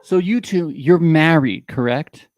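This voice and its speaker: A man's voice: a little high, unhurried, darkish tone, no echo. A man co-hosting a chatty podcast, asking playful, rambling questions with plenty of restarts. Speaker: podcast co-host. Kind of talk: casual chat.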